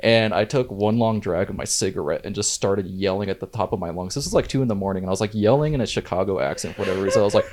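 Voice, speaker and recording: Low-voiced man telling a rowdy story. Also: racing, hardly any pauses. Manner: laughing, profane, acts out quotes loudly. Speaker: podcast guest. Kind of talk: casual storytelling. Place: living room in a house.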